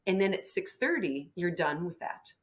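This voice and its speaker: A woman doctor with a low voice gives advice on a live webinar, talking in an animated, hands-on way. She clears her throat now and then, over a video call. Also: normal speed. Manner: animated, acting out patients' words, frequent throat clearing. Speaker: physician guest.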